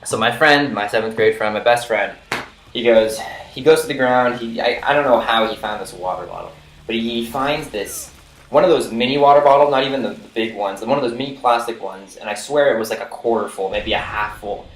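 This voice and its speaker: A man's voice: medium pitch, a little fast. A young man casually telling a story from his school days, rambling with lots of "like" and "you know". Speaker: vlogger. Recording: roomy echo with faint noise.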